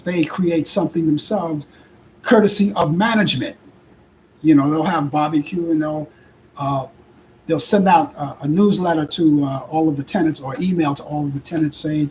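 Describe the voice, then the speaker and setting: A hoarse older man with a Brooklyn accent, hosting a live talk show in rambling casual chat with halting restarts. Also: a little high, a little hiss or hum, rough recording. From Brooklyn, New York. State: hoarse, voice worn out. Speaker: host.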